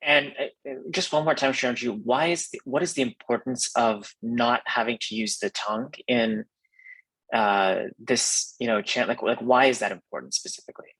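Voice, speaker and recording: A man's voice: mid-range voice, moderate pace, fairly bright tone, slightly rough, no echo, low-quality recording. Chatty podcast host man, dry sound. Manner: conversational, many "you know" fillers. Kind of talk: casual interview questions.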